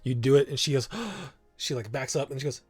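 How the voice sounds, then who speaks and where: A man's voice: mid-range voice, fairly even intonation, very fast, a little mellow, slightly rough, dry recording, faint music behind. A man running a tabletop game as game master, narrating loosely with fillers and frequent laughs.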